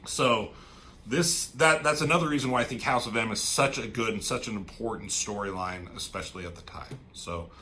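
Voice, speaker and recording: A man casually reviewing a comic book storyline, rambling and excited, with casual swearing. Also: fairly low pitch, moderate pace. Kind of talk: casual chat.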